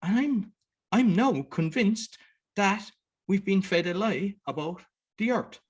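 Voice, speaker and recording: A man's voice: high voice, expressive, takes it slowly, slightly rough. A man with an Irish accent hosting a podcast, talking in a loose, rambling way and acting out other people's words as he goes. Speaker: podcast host. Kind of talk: casual conversation.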